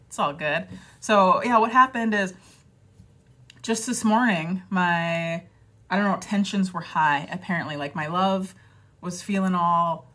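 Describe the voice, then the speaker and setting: A woman with a fairly low, fairly bright voice talks at a measured pace in a casual chat to camera. As a vlogger she jokes at her own expense, wanders with fillers and restarts, and acts out quoted voices.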